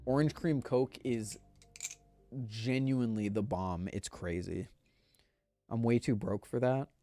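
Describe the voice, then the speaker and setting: A man's voice: medium pitch, takes it slowly, dark tone, soft background music. A man chatting casually on a live stream, rambling in a laid-back way and speaking straight to his viewers. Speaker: livestreamer.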